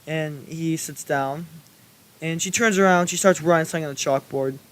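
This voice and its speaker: A man's voice: fairly high pitch, normal speed, fairly bright tone. Rambling, cursing young man telling a story. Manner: rambling, swears a lot, many fillers. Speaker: storytelling YouTuber. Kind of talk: casual storytime vlog.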